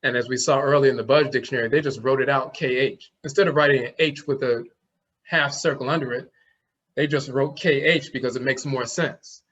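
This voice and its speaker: A man teaches a class at a steady, mid-pitched level, walking through one symbol after another. He often stops to voice the sounds himself. The recording is dull and lo-fi. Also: a little fast. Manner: explanatory, demonstrates sounds aloud. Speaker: language teacher. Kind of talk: classroom lecture.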